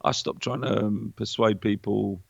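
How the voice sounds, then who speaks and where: A man, a podcast guest in casual chat, talking in an animated, preachy way with plenty of swearing. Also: fairly low pitch, moderate pace, creaky, breathy edge, dry recording, dull audio.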